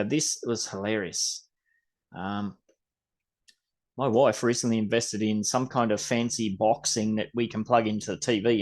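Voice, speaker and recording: A man with an Australian accent hosting a podcast in rambling, casual chat, swearing mildly. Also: lowish voice. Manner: rambling, chatty, mild swearing. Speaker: podcast host.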